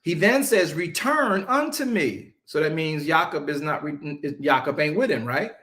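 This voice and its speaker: A male preacher teaching a Bible-study sermon, emphatic and conversational, drawing answers from his listeners and slowing down to stress scripture. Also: on the high side, lively intonation, fairly bright tone. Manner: casual Southern-leaning vernacular, mocking asides.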